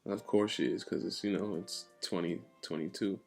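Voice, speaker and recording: A man's voice: low voice, steady tone, normal speed, creaky, a little mellow, soft background music. A man hosting a podcast, joking and reacting animatedly in profane casual chat. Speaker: podcast host.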